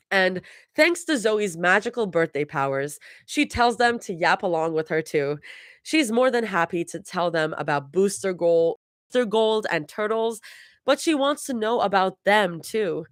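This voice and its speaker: A woman's voice: medium pitch, animated, a little slow, dry recording, clean studio sound. A woman reading her fan fiction aloud live, chuckling and restarting words as she goes. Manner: laughs and restarts while reading. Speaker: fanfiction reader.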